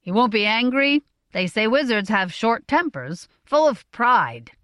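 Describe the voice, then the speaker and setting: Woman voicing a gruff merchant father. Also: on the high side, sing-song, fairly bright tone, no echo, studio quality, voice pushed up. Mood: gruff, blunt. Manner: blunt, brisk questions. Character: prosperous middle-aged merchant father, gruff.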